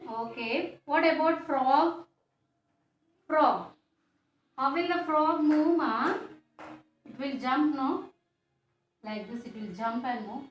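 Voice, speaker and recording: A woman teacher, explaining a science lesson to children slowly and repetitively, often ending with a questioning "no?". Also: sits high. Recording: echoey room, faint background noise.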